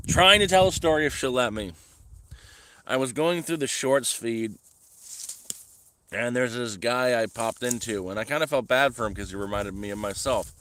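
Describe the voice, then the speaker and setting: A man's voice: mid-range voice, a bit bright, slight background noise. A man from Canada chatting casually on a livestream at his rural homestead, rambling and frustrated, sometimes scolding his dog. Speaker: vlogger.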